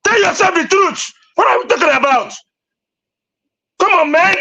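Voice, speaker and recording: A man's voice: very high voice, lively intonation, normal speed, gravelly, bright, forceful tone, rough recording. A man with a Nigerian accent debating on a live stream, ranting insistently and repeating himself. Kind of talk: heated debate.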